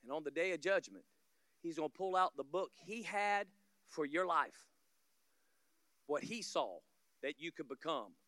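A man from Florida, preaching a sermon as a guest pastor, telling stories, acting out scenes and building to loud peaks, with humorous asides to the congregation. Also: on the high side, animated, unhurried, long pauses, no echo, studio quality.

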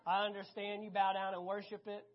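A preacher delivering a sermon, emphatic and animated, repeating key phrases and swinging between loud and hushed. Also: mid-range voice, a little fast. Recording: dull lo-fi recording.

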